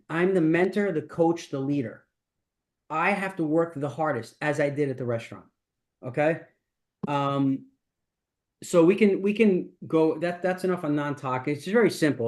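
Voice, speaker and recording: A man's voice: a little high, fairly quick, darkish tone. A middle-aged man, a business coach, talking casually and emphatically in a masterclass, with frequent restarts. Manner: rambling, emphatic, with many restarts.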